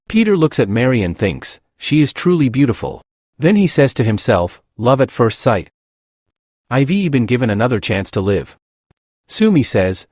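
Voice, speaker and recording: Lively man narrating a comic recap. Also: dry recording, clean studio sound. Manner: reads every part in one plain voice, lively pitch.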